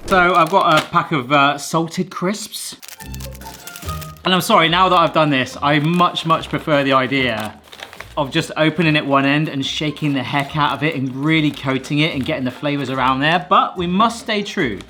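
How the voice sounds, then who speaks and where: A man's voice: fairly high pitch, moderate pace, sharp tone, faint music behind. A middle-aged man from Bristol with a mild Bristolian accent, hosting a cooking vlog and chatting jokily while he cooks and tastes in a home kitchen. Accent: mild Bristolian English. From Bristol, England. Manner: chatty and jokey, talks while cooking and tasting. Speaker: cooking video host. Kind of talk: casual cooking vlog chat.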